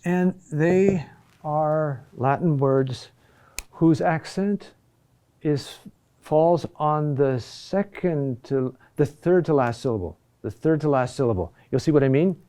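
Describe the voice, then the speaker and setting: A male teacher lectures in a slow, unhurried way, often repeating words. His voice sits a little high for a man but sounds dark and mellow. He keeps checking in with a quick "huh?" as he explains. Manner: repeats key words for emphasis. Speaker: chant teacher. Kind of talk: classroom lecture.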